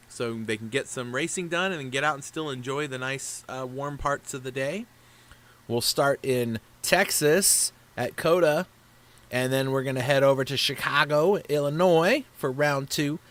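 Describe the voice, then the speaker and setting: A man's voice: mid-range voice, a bit bright. A man hosting a casual live stream for a racing league, talking in a chatty, rambling way. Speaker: league race broadcaster.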